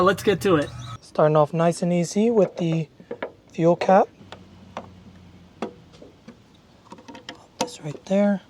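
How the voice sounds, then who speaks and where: A car-build vlogger narrating a rebuild in an upbeat, excitable, jokey way. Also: mid-range voice, slight background noise. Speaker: channel host.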